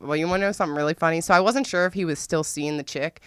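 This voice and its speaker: A woman's voice: sits low, racing, few pauses, smooth, no room sound, clean studio sound. A woman hosting a podcast, telling a story in a casual, profane way, laughing often. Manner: excitable, voice spikes when venting. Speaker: podcast host.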